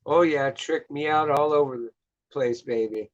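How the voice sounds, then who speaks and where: A man's voice: on the high side, normal speed, no room sound. A man hosting a show in casual chat, chatty and crude, swearing freely. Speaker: host. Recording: dull lo-fi dry recording.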